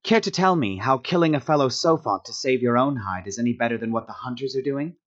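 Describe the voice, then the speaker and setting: A man voicing a blunt, tired human woman who talks in a direct, sharp-tongued way. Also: medium pitch, lively intonation, quick pace, muffled recording, pitched above the performer's own voice, lightly acted. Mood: challenging.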